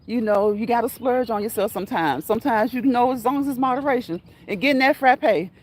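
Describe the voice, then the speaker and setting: Laughing breathy woman streamer. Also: a little high, brisk. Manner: laughs often until crying, talks straight to viewers. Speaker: livestream host reading chat comments. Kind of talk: casual livestream chat.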